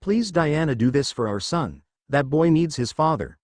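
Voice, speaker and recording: A man's voice: on the high side, lively intonation, moderate pace, dry recording, close to an everyday voice. A man voicing a strong demigod hero who earnestly pleads his innocence, recorded dry and close.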